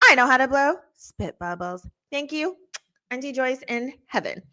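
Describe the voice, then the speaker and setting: A woman attorney hosting a show, telling stories in a casual, slangy, animated way with laughing asides. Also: high voice, moderate pace. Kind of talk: casual storytelling chat.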